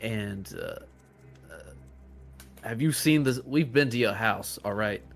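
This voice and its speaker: A man playing a tabletop game, calmly questioning a captive in character. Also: on the low side, slow pace, soft background music. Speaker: player.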